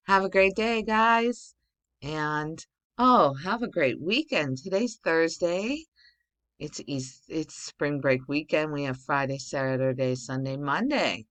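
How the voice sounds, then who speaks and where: Slow, low-voiced woman teacher. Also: a bit bright. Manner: patient, explains step by step, many okays. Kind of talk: recorded spelling and grammar lesson for children.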